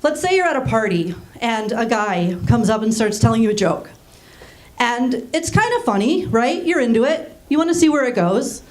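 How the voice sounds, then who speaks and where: A woman in her thirties, raised in Germany, doing a deadpan stand-up set on a small theater stage with frequent ums. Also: on the high side, moderate pace. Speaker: stand-up comedian. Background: audience laughing.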